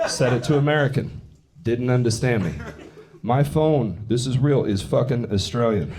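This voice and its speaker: A man's voice: medium pitch, normal speed, slight background noise. A young man from England and California doing a brash, profane, self-mocking stand-up set with crowd work. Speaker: stand-up comedian. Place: theater stage before a laughing audience. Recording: live show with loud crowd laughter.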